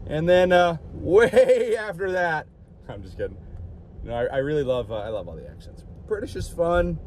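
A man's voice: medium pitch, big pitch swings, a little fast, darkish tone, slight background noise. A man vlogging in a rambling, jokey way, outdoors by a street. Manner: rambling, jokey, puts on silly voices. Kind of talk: rambling casual vlog.

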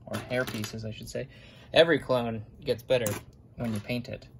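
A man's voice: mid-range voice, fairly even intonation, moderate pace, vocal fry, a little hiss or hum. A young adult man, a vlogger, rambling in casual running commentary while sorting toy figures, muttering little asides to himself.

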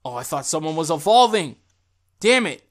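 Excitable young man playing a game. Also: a little high, moderate pace. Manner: excitable, chatty, talks to himself and viewers. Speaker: gaming YouTuber. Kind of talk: let's play commentary. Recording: faint game music behind.

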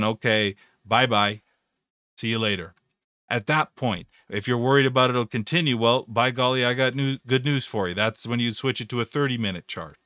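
A man's voice: medium pitch, bright, forceful tone, clear, resonant tone, no echo, clean studio sound. A man hosting a live stream, talking casually through stock charts, rambling with repeated words and jokes. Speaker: trading educator.

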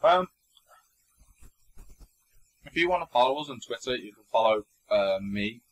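Lively young man chatting. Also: medium pitch, normal speed, poor audio. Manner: chatty storyteller, swears mildly, laughs often. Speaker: podcast co-host. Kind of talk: casual chat.

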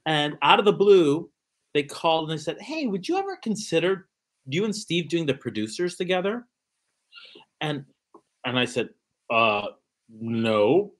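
Man, middle-aged, fairly high voice, animated storyteller, interview guest. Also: normal speed, long pauses. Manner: animated storyteller who acts out quoted dialogue. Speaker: guest actor and choreographer.

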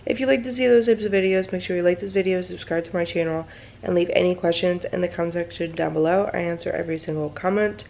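Gravelly-voiced anxious young woman vlogger. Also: fairly low pitch, fast, darkish tone, a little hiss or hum. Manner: anxious, rambling with many fillers. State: groggy morning voice. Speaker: mommy vlogger. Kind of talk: casual vlog chat. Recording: dull lo-fi home recording.

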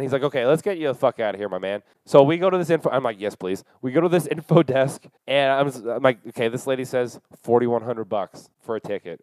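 A young man hosting a podcast, telling a long profane story in a casual, animated way and acting out the dialogue. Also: medium pitch, smooth, no room sound, low-quality recording. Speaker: podcast host.

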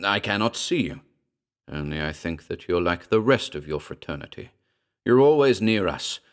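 Casting: man voicing a tense, resentful loner in an audio horror story, low voice, rising to anger. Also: expressive, normal speed. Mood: defiant. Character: brooding, bitter man talking to himself.

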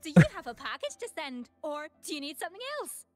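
A high-voiced young woman who runs a delivery team. Her voice swoops up and down as she chats in a friendly, upbeat way. She sounds like a bright game character. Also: animated, fast, faint music behind. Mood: cheery. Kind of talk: game voice acting.

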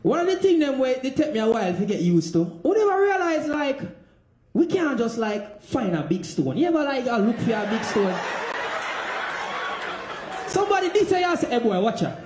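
A young Jamaican man with a very high voice tells comic stories, laughing through his lines in patois phrasing. He is recorded in an echoey room with steady background noise. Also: fairly quick. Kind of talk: comic monologue.

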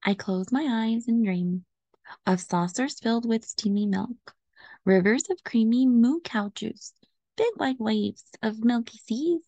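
A woman voicing a moody, pampered house cat in a slow storybook reading. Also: fairly high pitch, no room sound, muffled recording. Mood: gentle. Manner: slow, gentle read-aloud delivery.

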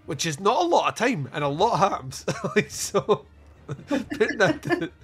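A man's voice: high-pitched, big pitch swings, a little slow, a bit bright, slightly rough, faint music behind. A man hosting a podcast and chatting casually about a film, rambling, swearing and laughing often. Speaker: podcast host. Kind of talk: casual film review chat.

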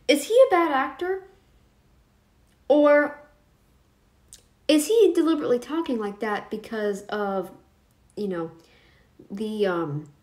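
A woman's voice: medium pitch, darkish tone. A woman hosting a reaction video, rambling and laughing often, feeling mentally off. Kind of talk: casual commentary.

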